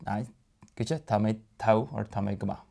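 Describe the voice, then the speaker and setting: Irish man with a low gravelly voice. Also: mellow. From Ireland. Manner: explains phrases slowly, with fillers and restarts. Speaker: Irish language teacher. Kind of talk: casual language lesson.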